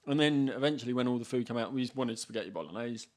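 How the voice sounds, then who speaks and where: A man's voice: mid-range voice, fast talker. A man co-hosting a podcast, telling stories in a casual chat and swearing freely. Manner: animated, swearing storyteller. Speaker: podcast co-host.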